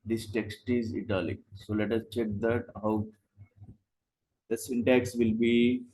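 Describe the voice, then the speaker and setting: A man's voice: medium pitch, flat delivery, a little slow, mellow, poor audio. A man teaching a live online coding class, explaining in short steps and asking rhetorical questions. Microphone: video call.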